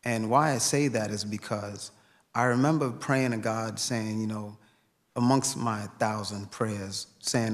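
A man's voice: fairly low pitch, fairly even intonation, measured pace. A man from Brooklyn giving an earnest personal tribute speech, telling his story with some repetition. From Brooklyn, New York. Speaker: speaker at a memorial event. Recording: long hall reverb.

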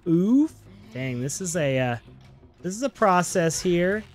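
A man's voice: high voice, sing-song, a little slow, soft background music. A man hosting a gaming channel, giving upbeat, chatty let's-play commentary and talking playfully to his viewers.

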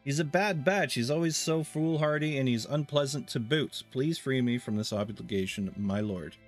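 A man's voice: mid-range voice, moderate pace, faint music behind, lightly acted. A man voicing a twelve-year-old noble girl who complains about her betrothed and begs to be released from the match. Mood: complaining.

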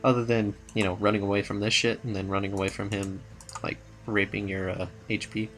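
A man's voice: fairly low pitch, flat delivery, brisk, a bit bright, faint music behind. A young man rambling casually as he comments on his own gameplay. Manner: rambling, mumbling, playful asides. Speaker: gaming channel host.

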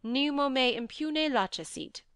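A woman's voice: high-pitched, animated, a little slow, fairly bright tone, dry recording, clean studio sound, pitched above the performer's own voice, exaggerated voice. Woman voicing a coldly courteous schemer. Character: cold, scheming vengeful nobleman, male.

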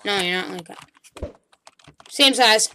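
A woman giving casual, excitable commentary while playing a game, chattering at the creatures on screen and calling out to them. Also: mid-range voice, takes it slowly, slight background noise. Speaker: gaming channel host.

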